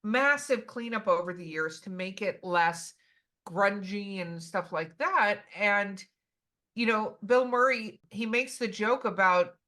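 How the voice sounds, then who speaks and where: A woman co-hosting a podcast, telling stories in an animated, enthusiastic casual chat. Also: medium pitch, slow pace. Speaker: podcast co-host.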